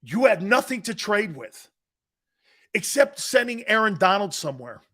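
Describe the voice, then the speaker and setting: A man's voice: high voice, normal speed. A man hosting a sports talk show, ranting in a brash, mocking, opinionated way. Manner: brash, mocking, animated rants.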